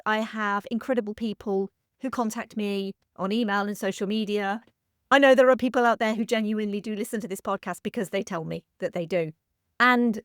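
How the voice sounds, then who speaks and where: A woman's voice: fairly high pitch, no room sound, studio quality. A woman in her thirties hosting a film history podcast, speaking earnestly and gratefully, a little emotional. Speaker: podcast host. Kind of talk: heartfelt solo podcast monologue.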